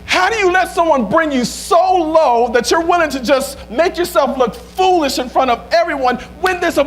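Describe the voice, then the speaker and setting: A male pastor with a very high voice preaches a sermon, repeating the same questions over and over. He stumbles through restarts and builds up to shouting.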